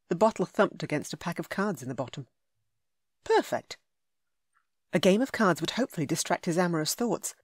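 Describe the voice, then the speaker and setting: Low-voiced woman reading a romance. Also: no echo, studio quality. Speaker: audiobook narrator. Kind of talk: scripted narration.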